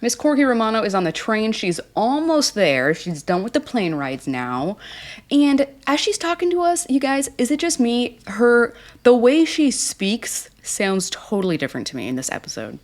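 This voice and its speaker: A woman's voice: on the high side, sing-song, normal speed. A woman casually recapping a reality show, blunt, snarky and exasperated.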